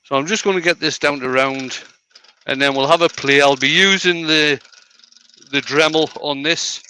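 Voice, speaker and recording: A man hosts a live stream and talks viewers through his lathe work in an easygoing way. His voice is bright and clear, at an ordinary male pitch, and it sounds close and dry. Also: moderate pace, no echo, poor audio. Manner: easygoing, explains steps as he works. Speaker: host. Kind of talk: live stream chat while woodturning.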